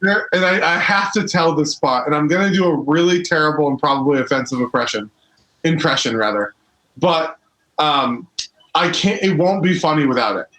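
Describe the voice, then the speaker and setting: Animated, swearing storyteller man in an echoey room. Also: fairly high pitch, normal speed. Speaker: podcast co-host. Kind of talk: casual chat.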